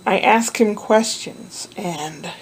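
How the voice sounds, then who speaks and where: A woman's voice: mid-range voice, takes it slowly, breathy edge, poor audio. A woman chatting in a rambling, meandering way about her day looking after a toddler. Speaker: vlogger caring for a toddler. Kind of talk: rambling casual chat.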